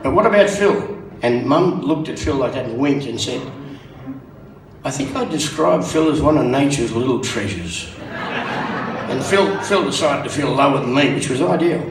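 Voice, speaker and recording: A man tells a joke at a tribute evening, rambling and restarting as he goes. His voice sits at an average pitch and comes from a distance in a reverberant room. Faint room ambience stays in the background. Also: a little hiss or hum. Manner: rambling, halting, self-interrupting. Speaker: speaker at a memorial tribute. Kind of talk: joke-telling tribute speech. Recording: roomy sound from a distant mic.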